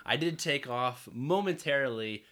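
A man's voice: mid-range voice, animated, moderate pace, a bit bright. A man co-hosting a podcast, chatting casually and with enthusiasm about a trip. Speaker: podcast co-host. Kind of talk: casual chat.

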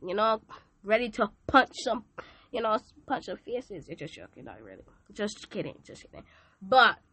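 A woman's voice: mid-range voice, pushed and bright. A woman hosting a podcast, giving an emphatic, preachy devotional talk with joking asides. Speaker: podcast host.

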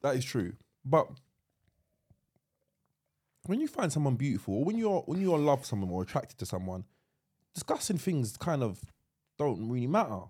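A man co-hosting a podcast in casual chat, talking in loud bursts with lots of laughing and repeated words. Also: medium pitch, sing-song, moderate pace, pauses often, breathy edge. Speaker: podcast co-host.

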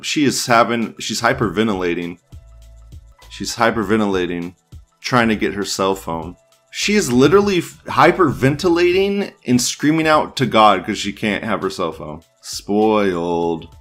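Soft background music plays as a man hosts an online news show, reading out forum posts in a casual way and riffing on them with crude, rambling commentary. His voice is on the low side with a fairly bright tone, and he takes his time, laughing a lot and starting sentences over.

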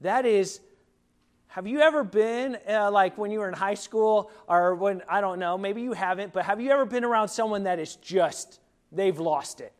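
A man's voice: sits high, normal speed. A middle-aged man, a pastor, preaching a sermon in a conversational way, with many fillers and restarts.

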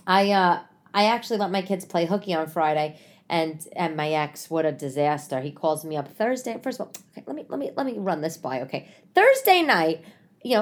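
A woman comedian hosts a casual podcast from her living room, her voice sitting at an ordinary middle pitch. She rambles through stories with many restarts, frequent swearing and lively asides, all in a loose conversational monologue.

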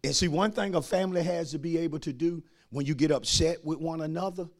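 A man, preaching a sermon as pastor and swinging from quiet asides to shouted lines. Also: fairly high pitch, brisk.

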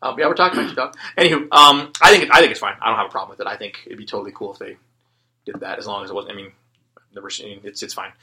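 A man's voice: fairly low pitch, sharp tone. A man co-hosting a casual podcast chat, teasing his friends. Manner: teasing, fast-talking. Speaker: podcast co-host.

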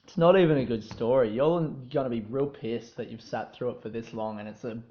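A man's voice: mid-range voice, fairly quick, reverberant, muffled recording. Rambling, profane Australian podcast guy. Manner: rambling, profane, self-mocking, easily sidetracked. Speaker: podcast host. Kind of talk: casual solo podcast chat.

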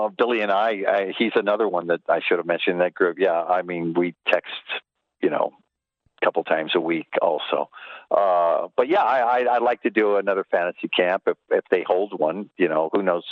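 A man's voice: sits low, dry recording, narrow, tinny audio. An older man from Los Angeles, a former baseball trainer, telling stories in a casual chat and putting on voices for the people in them. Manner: animated, puts on voices in anecdotes. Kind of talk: casual storytelling.

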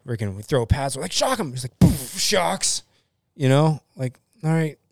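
A man's voice: mid-range voice, moderate pace, gravelly, no echo, studio quality. A young adult man, a firefighter and EMT, telling stories casually on a podcast, swearing freely and acting out what people said. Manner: profane, animated, acts out quotes.

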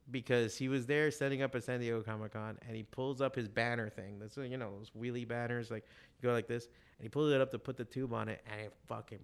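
A man, a comic shop owner guest, talking in a rambling, profane, animated casual chat full of fillers. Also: mid-range voice, clear, resonant tone.

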